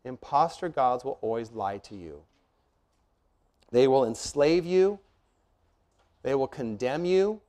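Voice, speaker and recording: A man's voice: medium pitch, expressive, slow, long pauses, warm tone. A middle-aged man preaching a sermon as pastor, earnest and emphatic, asking rhetorical questions and laying out numbered points.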